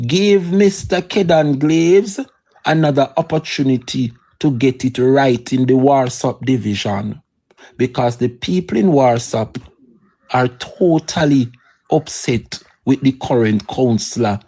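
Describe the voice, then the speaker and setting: A man's voice: medium pitch, a little mellow, husky. A man with a Jamaican accent giving fiery political commentary on a live stream, slipping between patois and standard English. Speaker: political livestreamer.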